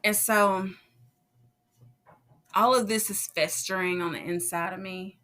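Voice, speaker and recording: A woman's voice: mid-range voice, unhurried. A woman hosting a podcast, casually and animatedly telling her own faith testimony. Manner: animated, acts out quoted voices, laughs often. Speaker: podcast host.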